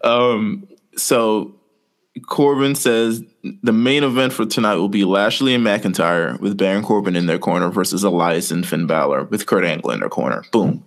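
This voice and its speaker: A man's voice: fairly low pitch, normal speed. A man co-hosting a podcast, casually rambling through a story with lots of fillers. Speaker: podcast co-host. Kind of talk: casual chat.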